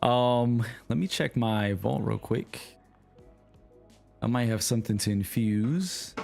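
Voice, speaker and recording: A man with a New York accent streams a game and chats loosely with his viewers, relaxed and slangy. His voice sits at an everyday middle pitch. Faint game music runs underneath. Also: takes it slowly, creaky. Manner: relaxed, slangy, talks to chat. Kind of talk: casual livestream chat while gaming.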